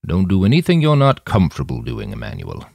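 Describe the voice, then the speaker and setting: Guy doing a stiff indignant council boss, low, animated. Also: fairly quick, creaky, no echo, full character voice. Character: indignant council leader, protective and formal.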